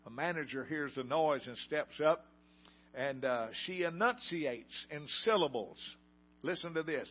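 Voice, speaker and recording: Folksy older preacher telling a story. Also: male voice, a little high, animated, a little slow. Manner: folksy storytelling, asks the congregation questions. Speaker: pastor. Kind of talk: sermon. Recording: dull lo-fi sound.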